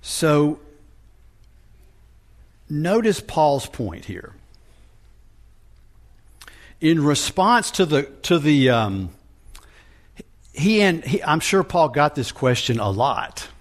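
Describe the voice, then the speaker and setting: Slow, deliberate male preacher. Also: a little high, big pitch swings. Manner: slow and deliberate, with frequent restarts. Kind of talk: sermon teaching on scripture.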